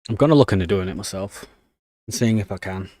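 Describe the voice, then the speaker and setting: A man's voice: fairly low pitch, quick pace, dark tone, dry recording, clean studio sound. A young man chatting casually on a live stream, ranting in annoyance while typing commands at his desk. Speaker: livestreamer.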